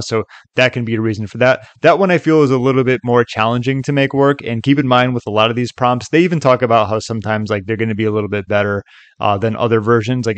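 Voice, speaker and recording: A tutorial host with a middling pitch talks through a screen-recorded lesson in a loose, chatty way, peppering his speech with "like" and "okay." His voice is close and dry on a desk mic, without room sound or echo.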